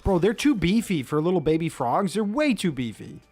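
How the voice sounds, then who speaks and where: Guy chatting through his game run, kinda high voice, jumps around a lot, talks himself down for laughs. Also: very animated, normal speed, darkish tone, soft background music. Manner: chatty, self-mocking, reacts aloud to gameplay. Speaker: gaming video creator. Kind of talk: let's play commentary.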